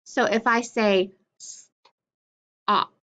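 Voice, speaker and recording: A woman's voice: medium pitch, takes it slowly, fairly bright tone. A woman teaching a phonics lesson to children, drilling letters and sounds with patient encouragement.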